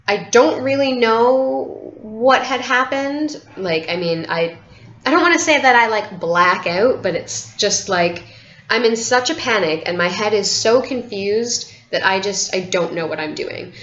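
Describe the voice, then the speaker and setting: A woman's voice: medium pitch, lively intonation, measured pace, a bit bright. A woman vlogger telling a personal story to camera in a candid, rambling way, with many "like" fillers and free swearing. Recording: roomy, dull lo-fi home recording.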